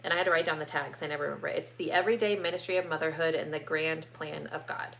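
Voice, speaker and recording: A woman in her thirties chats casually through a live question-and-answer stream from home, full of ums and likes. Her voice sits a little low. A faint background hiss runs underneath. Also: fairly even intonation, fast talker, creaky, fairly bright tone. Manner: chatty, many ums and likes, reads comments aloud. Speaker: host answering viewer questions.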